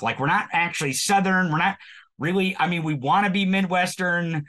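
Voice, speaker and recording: A man's voice: high-pitched, fairly quick, pushed and bright. A man from Missouri with a rural Missouri accent, a podcast host guesting on an interview show, talking in a folksy, self-mocking way and often restarting his sentences. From Missouri, USA. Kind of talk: casual interview chat.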